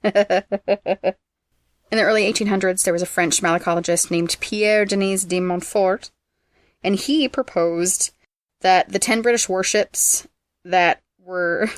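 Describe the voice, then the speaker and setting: A woman's voice: lowish voice, steady tone, no room sound. Teasing woman reading trivia facts. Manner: brisk and teasing, reads facts aloud, laughs often. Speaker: podcast host presenting trivia.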